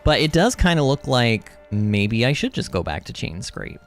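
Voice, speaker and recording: A man hosting a gaming livestream, chatting in a rambling, animated way, reading chat and laughing often. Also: mid-range voice, normal speed. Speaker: livestream host. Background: game music.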